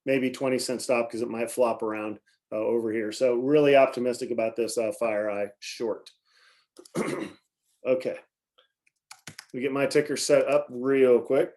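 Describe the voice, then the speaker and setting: A man's voice: mid-range voice, fairly even intonation, unhurried, a little mellow. Man talking markets with a scratchy throat. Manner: rambling, many fillers and self-corrections. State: coughing, clearing throat often. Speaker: market commentary host. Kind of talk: casual live market commentary.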